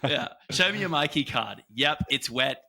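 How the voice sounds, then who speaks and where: A young Australian man co-hosting a podcast, chatting casually and telling animated stories with frequent laughter. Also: medium pitch, normal speed, gravelly. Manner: animated storytelling, laughs often. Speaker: podcast co-host. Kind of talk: casual chat.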